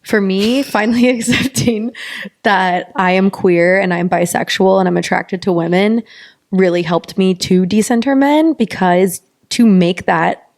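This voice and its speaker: Woman podcast co-host, gravelly creaky voice, emphatic casual chat with swearing. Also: medium pitch. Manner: emphatic, swears, fast animated asides.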